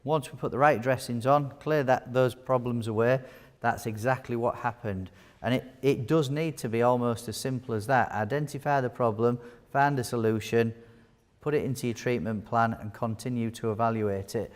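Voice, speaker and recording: The speaker is a wound care nurse presenter with a medium-pitched voice, fairly even intonation and a normal speed. He gives a live teaching talk in a large hall, chatty and jokey, putting questions to the audience, and the sound has a long hall reverb.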